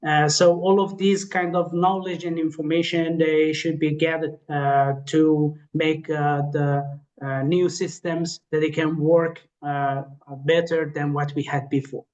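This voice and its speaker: A man giving an academic webinar lecture, his voice tired after hours of teaching, pausing often with fillers. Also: on the high side, little pitch movement, darkish tone, lo-fi sound. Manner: hesitant, many filler pauses. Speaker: guest lecturer.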